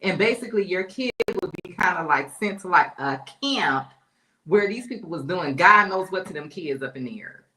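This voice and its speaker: A woman panelist in a casual gossip chat, telling long stories in relaxed, informal speech. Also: lowish voice, normal speed, roomy sound. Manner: storytelling, informal dialect. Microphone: remote call.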